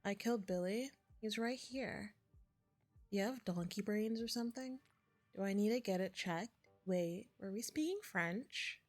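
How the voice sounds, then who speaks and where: A woman's voice: mid-range voice, measured pace, soft background music. A woman streaming a game, reading the dialogue aloud between chatty asides. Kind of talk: casual gameplay commentary.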